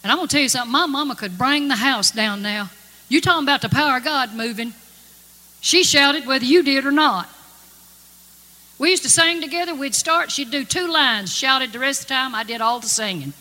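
A gospel singer's testimony to a congregation comes across earnest and folksy, her voice high, expressive, brisk, pushed and bright. It's recorded in a church or conference hall with long reverb and music playing.

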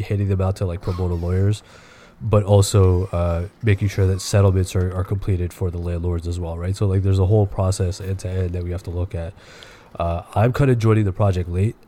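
A man's voice: sits low, level tone, a little fast, dark tone, a little hiss or hum. A man co-hosting a podcast in casual chat, his voice nasal and stuffy from allergies, rambling with lots of fillers. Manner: rambling, many fillers and restarts. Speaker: podcast co-host.

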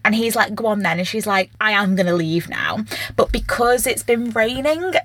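Una mujer con acento británico co-presentando un pódcast sobre libros, resumiendo la trama con ironía seca. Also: female voice, mid-range voice, big pitch swings, moderate pace, fairly bright tone, no echo. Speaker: podcast co-host. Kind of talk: casual book-club chat.

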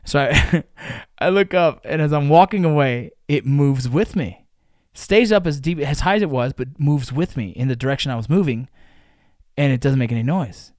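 A man with a slightly raised voice tells a story in casual podcast chat. He curses freely and flares into shouts at the tense moments. The sound is dry and close to the mic. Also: fairly high pitch, moderate pace, dry recording. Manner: animated, profane, shouts during exciting moments. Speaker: podcast host.

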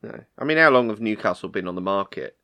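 A man's voice: fairly low pitch, expressive, fast, sharp tone. A man in a casual chat, making dry, wry remarks and laughing often.

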